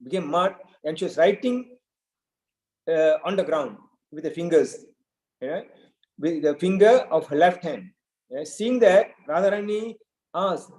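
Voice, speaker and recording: Man, high voice, preaching, storytelling sermon, roomy echo. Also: moderate pace, darkish tone. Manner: storytelling with frequent "right?" asides. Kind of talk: devotional scripture talk.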